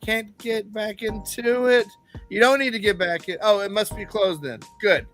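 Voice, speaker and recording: A man's voice: high-pitched, moderate pace, a bit bright, soft background music. A man hosting a live paranormal podcast stream, joking and playful. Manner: joking, playful, self-deprecating. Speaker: podcast host. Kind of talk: casual live-stream chat.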